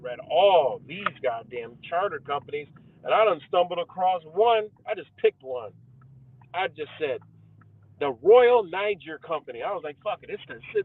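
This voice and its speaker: A young man hosting a live stream, ranting heatedly and profanely to his viewers about conspiracies, calling them guys. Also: on the high side. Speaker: livestream host. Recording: tinny phone-like audio with faint car noise.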